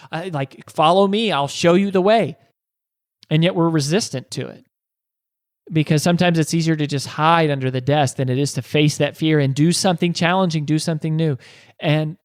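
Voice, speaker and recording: A man's voice: a little high, dry recording, studio quality. A man hosting a podcast, telling a motivational story earnestly, with frequent restarts and rhetorical questions. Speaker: podcast host.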